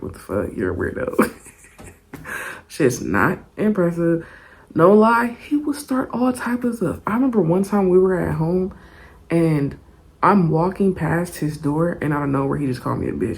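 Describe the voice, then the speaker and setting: Animated, gravelly young woman storyteller. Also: low voice. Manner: animated, profane, laughing often. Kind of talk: casual storytime vlog.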